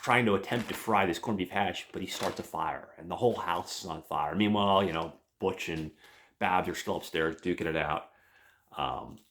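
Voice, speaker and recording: Pria bersuara dalam yang mengulas santai. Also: male voice, deep voice, a bit bright, slight background noise. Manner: rambling, profane, many fillers. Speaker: podcast host. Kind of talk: casual comic book review.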